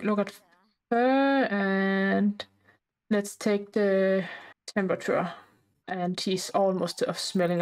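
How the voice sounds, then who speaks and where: A woman gives relaxed, chatty commentary while she plays a life-sim game. She sounds a little out of breath, and her talk is halting, with many fillers and restarts. Her voice sits in an ordinary middle range. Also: mid-range voice, poor audio. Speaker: gameplay narrator.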